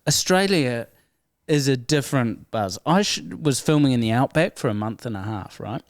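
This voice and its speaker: A man with a New Zealand accent tells stories as a guest in a relaxed interview, his mid-pitched voice animated and breaking into laughs. The sound is dry and close, with no room around it. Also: normal speed, no echo. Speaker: guest comedian. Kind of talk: casual interview storytelling.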